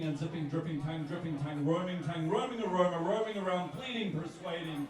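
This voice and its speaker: A man from New Zealand with a New Zealand accent, performing spoken-word poetry live on stage with punchy, rhythmic, repeating wordplay. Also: on the high side. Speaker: poet. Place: live music bar on stage. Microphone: stage microphone. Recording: echoey club heard from a distance.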